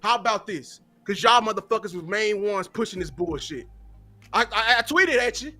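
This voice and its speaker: A man's voice: high voice, animated, moderate pace, sharp tone. A man content creator ranting angrily and profanely on a watch-party stream, with stumbling repeats. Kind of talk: heated casual rant.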